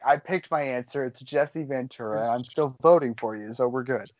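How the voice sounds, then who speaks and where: A man's voice: medium pitch, a little mellow, highs cut off, slight background noise. A man co-hosting a casual chat, joking and laughing often. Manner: jokey, laughs often, quick asides. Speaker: podcast co-host.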